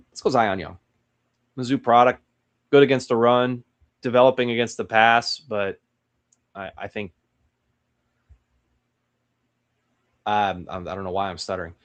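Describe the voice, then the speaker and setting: A man's voice: mid-range voice, normal speed, clean tone. A young man hosting a solo mock draft breakdown, thinking aloud with hesitant restarts. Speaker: sports channel host.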